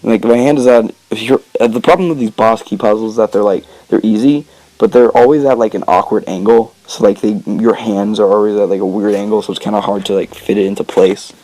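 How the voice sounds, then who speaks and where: A man's voice: fairly low pitch, steady tone, brisk, mellow, dry recording, rough recording. A man giving casual, rambling gameplay commentary, joking and interrupting himself with lots of filler words. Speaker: let's play commentator. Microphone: desk mic, recorded after gameplay.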